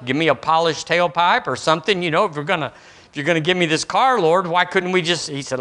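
Pastor, middle-aged man, folksy sermon delivery, bright tone. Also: fairly high pitch, quick pace. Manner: folksy, acts out dialogues with God.

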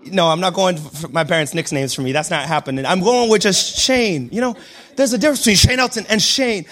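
A young adult man preaching a sermon, switching between shouted declarations and quiet, joking asides. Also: high-pitched, a little fast. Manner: self-deprecating humor. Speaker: pastor.

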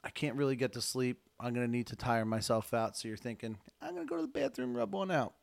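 Casting: young man, podcast co-host, rambling crude storyteller, mid-pitched. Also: big pitch swings, fast, gravelly. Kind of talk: casual comedic chat.

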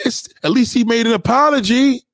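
A man's voice: extremely high pitch, fairly quick, fairly bright tone, no room sound, studio quality. A man in a heated, profane livestream rant, lecturing his audience.

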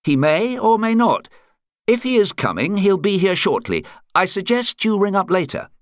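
Brisk, mildly irritated male club captain, voiced by a male reader, higher than his own voice. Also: big pitch swings, no room sound, clean studio sound. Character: busy middle-aged male chess club captain.

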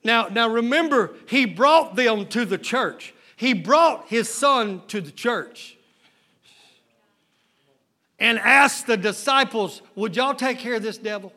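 A man preaching, his voice pitched unusually high and bright. He delivers his sermon slowly and deliberately, dropping to low retellings of scripture before climbing into shouted calls to the congregation. His talk is folksy, full of rhetorical questions. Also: expressive. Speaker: pastor.

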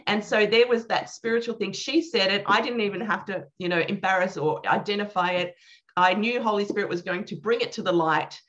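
An earnest, animated woman recounts a personal prayer-ministry testimony, performing the lines she quotes. Her mid-range voice moves at a brisk clip, and the recording comes across as slightly dull and muffled.

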